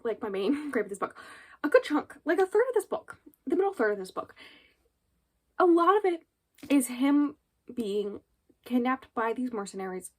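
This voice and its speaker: A woman casually reviewing a book on her vlog, retelling the plot in a rambling, animated way full of fillers. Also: on the high side.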